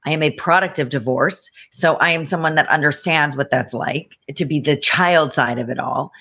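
A woman's voice: deep voice, normal speed, pushed and bright. A woman speaking frankly as a podcast guest, emphatic and conversational, often saying "you know" and "like". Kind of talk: candid conversational storytelling.

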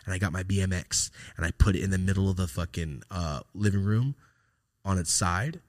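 A man with a somewhat low voice tells a story on his podcast in loose, casual chat. He swears a lot and acts out the voices of the people in it. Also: a little fast. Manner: profane, animated, acts out voices in his stories. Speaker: podcast host.

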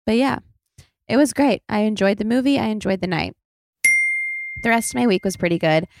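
A woman's voice: medium pitch, expressive, a little fast, noisy background. A young woman hosting a podcast, chatting in a rambling, self-deprecating way and swearing freely. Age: young adult. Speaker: podcast host. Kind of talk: casual chat.

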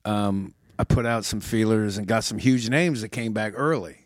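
A man, a comedy producer and comedian, in casual podcast chat, telling animated stories with a lot of swearing. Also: fairly low pitch, moderate pace, no echo, studio quality. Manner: profane, animated storyteller.

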